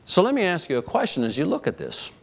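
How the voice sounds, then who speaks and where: A man's voice: a little high, wildly swooping pitch, fast talker, vocal fry. A man preaching a sermon, emphatic, stressing points by repeating phrases. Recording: long hall reverb.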